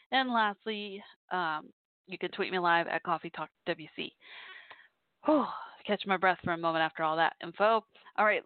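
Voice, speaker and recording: Over a dry, tinny line that sounds like a phone, a mid-range female voice carries a call-in podcast. The host and DJ rambles casually on her own, full of fillers and side comments.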